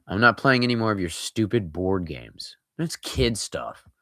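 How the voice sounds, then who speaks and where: A man's voice: on the low side, very animated, a little slow, pushed and bright, dry recording, clean studio sound, heavily acted. A man voicing a mean, bored schoolboy bully who taunts and sneers. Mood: scornful.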